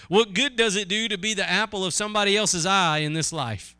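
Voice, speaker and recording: A man preaching with a high, bright, clear voice that sounds close and dry. He talks earnestly and conversationally, asks his listeners questions, and slows down to read scripture with weight. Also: dry recording. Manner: reads scripture slowly and emphatically. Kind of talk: sermon.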